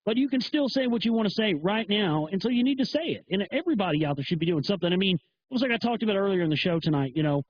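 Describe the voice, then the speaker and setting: A man's voice: sits high, lively intonation, very fast, muffled recording, a little hiss or hum. A man hosting a live internet talk show, delivering a profane, emphatic, heated rant. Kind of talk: ranting monologue.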